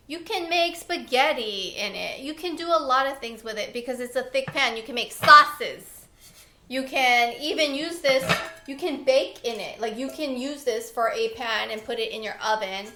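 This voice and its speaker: Young woman vlogger, bright and a bit high, excitable and chatty, echoey room. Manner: chatty and excitable, laughs often. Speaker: lifestyle vlogger. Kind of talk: casual favorites chat.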